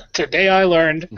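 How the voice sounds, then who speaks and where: A man with a bright, slightly high voice chatting loosely on a podcast. He stumbles and restarts often and keeps breaking into chuckles. The audio is muffled and lo-fi. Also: a little hiss or hum. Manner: halting, many restarts, chuckles a lot. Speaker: podcast co-host. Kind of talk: casual group chat on a video call.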